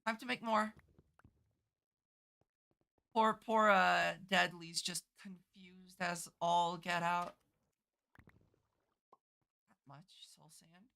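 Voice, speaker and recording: A woman's voice: fairly low pitch, level tone, extremely slow, gravelly, pauses often, pushed and bright, clean tone. A woman streaming a game, muttering to herself as she plans her build and swearing casually while she chats. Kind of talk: casual gameplay commentary.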